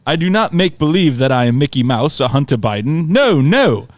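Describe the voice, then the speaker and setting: A man's voice: on the high side, sing-song, moderate pace, no echo. A man putting on a pompous posh Londoner. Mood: haughty. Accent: London English, put on. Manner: haughty, mock-formal insults. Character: pompous posh older Englishman, uncle.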